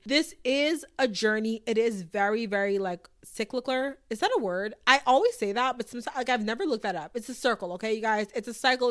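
Chatty upbeat woman podcast host. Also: on the high side. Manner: chatty, upbeat, many "like"s and "okay"s. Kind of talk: casual solo podcast talk.

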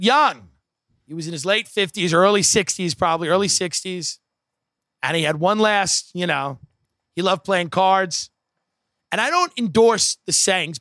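A man's voice: sits high, pushed and bright, no echo, clean studio sound. A man doing stand-up, telling a rambling story in a wry, profane way with many asides. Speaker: comedian.

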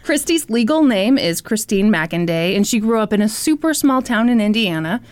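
A woman's voice: medium pitch, animated, normal speed, clean tone. A woman hosting a podcast, telling a story to her co-host in a casual, wry and teasing way, with some swearing.

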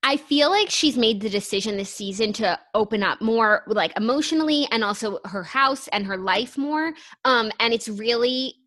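A woman's voice: a little high, animated, normal speed, few pauses, fairly bright tone. A young woman co-hosting a podcast, chatting casually in an earnest, thoughtful way with many fillers. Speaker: podcast co-host. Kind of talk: casual chat.

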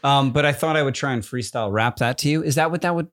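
Guy in his 30s rambling thru a story on a podcast, dry close sound, normal pitch. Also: fast, fairly bright tone, no echo. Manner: rambling storyteller, self-correcting. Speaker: podcast co-host. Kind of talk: casual chat.

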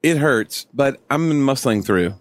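A man's voice: medium pitch, lively intonation, slow pace. A man as a podcast guest, talking carefully around a sore under his tongue, with short, apprehensive replies. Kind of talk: casual podcast chat. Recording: noisy recording.

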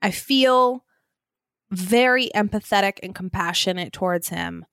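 A woman's voice: mid-range voice, unhurried, vocal fry, a bit bright, clean tone, dry recording, studio quality. A woman co-hosting a podcast, chatting casually and laughing as she jokes. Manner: chatty, laughs while joking. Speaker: podcast co-host. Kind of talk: casual chat.

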